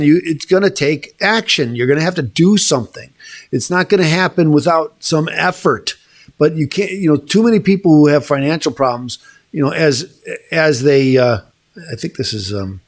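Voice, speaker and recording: Gravelly-voiced man, halting casual talk. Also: a little high. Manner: halting, searching for words. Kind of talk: casual podcast chat. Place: small studio room.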